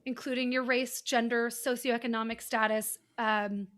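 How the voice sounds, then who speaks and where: High-voiced woman podcast host. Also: steady tone, normal speed, a bit bright. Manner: explanatory, teacherly, talks in long flowing sentences. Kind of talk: casual conversational interview.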